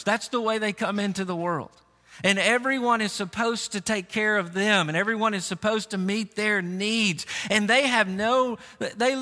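A man's voice: high voice, sharp tone, in a large hall. A middle-aged man preaching a sermon as a pastor, earnest, often repeating words and restarting.

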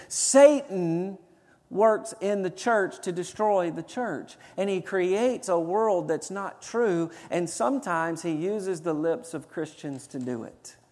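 Man, pastor, sermon, high voice, emphatic preaching, long church reverb. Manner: preaching with rising emphatic bursts. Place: church sanctuary.

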